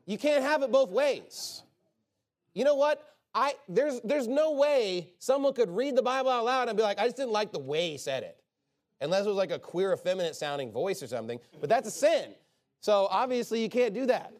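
This sermon comes from a man with a fairly high voice, lively intonation and a normal speaking speed. He talks in a conversational yet emphatic style, throwing out rhetorical questions and answering each one firmly.

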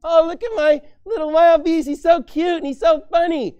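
A man's voice: very high-pitched, steady tone, moderate pace, darkish tone, voice pushed up. A man voicing a doting adult who gushes over a pet in a mocking sing-song. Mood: cooing.

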